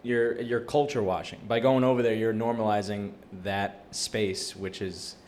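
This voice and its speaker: A male podcast host in casual chat who explains a point with halting restarts. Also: fairly low pitch, fairly even intonation, a little mellow, a little hiss or hum.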